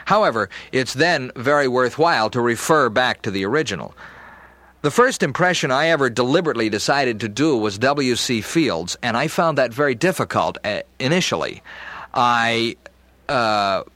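A man giving an instructional talk on doing voice impressions, measured and reflective. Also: mid-range voice, animated, sharp tone, dry recording. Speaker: voice and impressions teacher.

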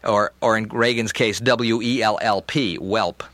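A man giving an instructional talk on doing voice impressions, measured and reflective. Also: on the low side, steady tone, a bit bright, no echo. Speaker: voice and impressions teacher.

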